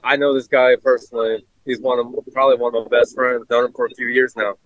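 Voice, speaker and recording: A man's voice: medium pitch, flat delivery, fast, a bit bright, dry recording, muffled recording. A man interviewed on the street by a stream reporter, speaking insistently.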